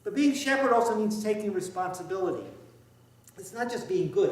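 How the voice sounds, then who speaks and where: A priest delivering a conversational, wry and emphatic sermon, with asides to the congregation. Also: male voice, high voice, animated, fairly quick. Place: church sanctuary. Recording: echoey church, heard from far off.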